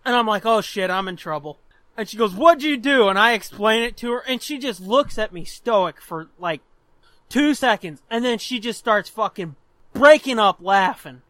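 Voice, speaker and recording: High-voiced, bright, crude storytelling man. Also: moderate pace, dry recording. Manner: animated, crude, laughs often. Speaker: podcast co-host. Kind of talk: casual chat, storytelling.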